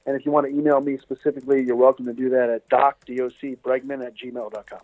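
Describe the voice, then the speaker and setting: A man's voice: mid-range voice, flat delivery, fast, no room sound. Rambling man on a tinny phone line. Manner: rambling storyteller with many fillers and restarts. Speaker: doctor and interview guest. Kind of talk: casual interview over the phone.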